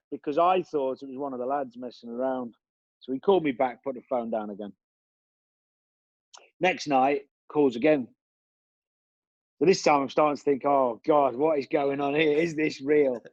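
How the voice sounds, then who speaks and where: A man's voice: medium pitch, no echo, muffled recording. Man telling stories. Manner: rambling, with many restarts and fillers. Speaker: interview guest, former footballer. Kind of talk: relaxed storytelling.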